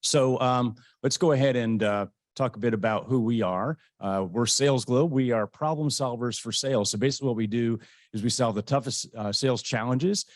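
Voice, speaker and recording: A man co-hosting a webinar in casual chat, relaxed and joking, with lots of fillers and restarts over a video call. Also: mid-range voice, moderate pace, no echo, studio quality. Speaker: webinar co-host.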